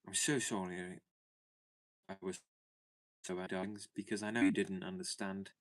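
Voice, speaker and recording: A tender yet firm mother from an old storybook, read by a man. She speaks earnestly to her children, her voice kept low and plain. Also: little pitch movement, normal speed, close to an everyday voice. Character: gentle but firm mother of three.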